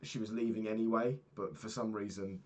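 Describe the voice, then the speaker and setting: A man's voice: on the low side, little pitch movement, fairly quick, darkish tone. A young man telling a personal story in a casual, candid way, swearing freely and acting out the people he quotes. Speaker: podcast host.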